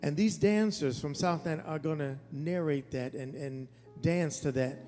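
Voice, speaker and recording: A man's voice: a little high, unhurried, dark tone. A man hosting a school event, talking earnestly and conversationally with some restarts. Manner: earnest, conversational, with false starts. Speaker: event host. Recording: reverberant hall with music behind.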